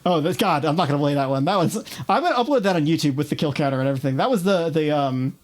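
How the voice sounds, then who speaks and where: A woman's voice: low voice, lively intonation, rapid-fire, a little mellow. A young woman with a New York accent chatting casually on a livestream, rambling, laughing often and swearing freely. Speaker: streamer.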